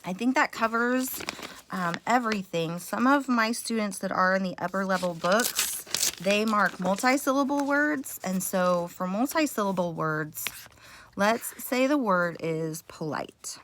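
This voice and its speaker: A woman's voice: mid-range voice, measured pace, fairly bright tone, slight background noise. A woman teacher recording a mini reading lesson at home for parents and kids, explaining step by step in a patient way with frequent fillers.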